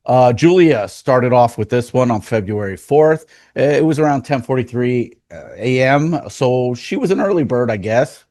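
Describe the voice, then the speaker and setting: A man's voice: mid-range voice, expressive, normal speed, few pauses, dark tone, dry recording. A man co-hosting a podcast, reading reviews aloud and making crude jokes. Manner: joking, crude, reads aloud. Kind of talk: casual joking chat.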